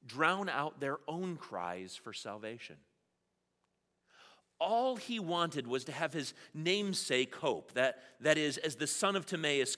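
Male pastor, bright and fairly high voice, conversational sermon with joking asides, long church reverb. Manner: conversational preaching with playful asides. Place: church sanctuary.

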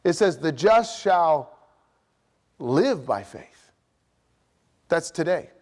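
Man, pastor preaching, high voice, passionate, voices imagined replies. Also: sing-song, extremely slow. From United States. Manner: passionate preaching, voices imagined objections, pitch climbs when pressing a point. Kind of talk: sermon. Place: church sanctuary.

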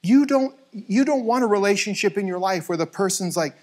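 Animated middle-aged man preaching. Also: high voice, a little fast. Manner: storytelling, acts out voices in quotes, animated. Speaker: pastor. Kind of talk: conversational sermon with anecdotes. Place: church sanctuary.

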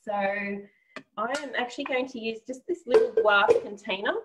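A woman's voice: a little high, moderate pace, a little hiss or hum, rough recording. A woman with an Australian accent, German-born, chatting encouragingly as she walks through a live cooking demo step by step.

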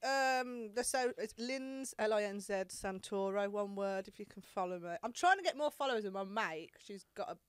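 Smooth-voiced dry British woman comic. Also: medium pitch, moderate pace, few pauses, no echo. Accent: British English. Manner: dry, self-deprecating. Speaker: comedian guest. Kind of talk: casual comedy chat.

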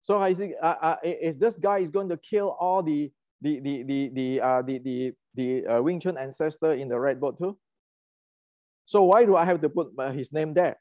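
Guy ranting about history, fairly high voice, dry close sound, lots of uh and restarts. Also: moderate pace, a little mellow, no echo. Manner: heated, ranting, many restarts and fillers. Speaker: martial arts channel host. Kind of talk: casual lecture.

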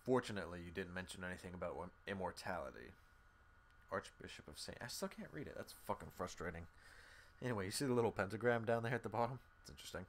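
A man with a fairly low voice whose pitch jumps all over as he streams a game live. He chats casually with viewers, swears freely and reads the game's text out loud between his reactions. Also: lively intonation, fast talker, a little hiss or hum. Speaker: gaming streamer. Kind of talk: casual live gameplay commentary, reading game text aloud.

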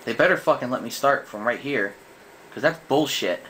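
A man's voice: medium pitch, animated, moderate pace, bright, forceful tone, slight background noise, poor audio. A young man giving frustrated, swear-heavy commentary while playing a video game. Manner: cursing, exasperated, thinks aloud. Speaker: gamer.

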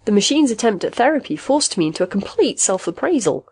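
Breezy, emphatic man with a secret murderous streak, voiced by a woman narrator in a storybook reading; higher and louder than her narration. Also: sing-song, quick pace, slightly rough.

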